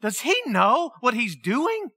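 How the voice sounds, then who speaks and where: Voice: mid-range voice, big pitch swings, takes it slowly, bright, forceful tone, husky, no echo, studio quality. A preacher, giving a sermon, telling the story vividly and asking the listeners questions. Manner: storytelling, acts out the people in the story; asks the listeners many questions.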